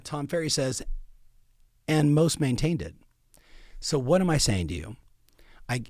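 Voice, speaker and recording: A man's voice: medium pitch, dry recording, clean studio sound. A middle-aged man giving emphatic coaching advice to real estate agents, repeating key phrases for weight. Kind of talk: coaching talk.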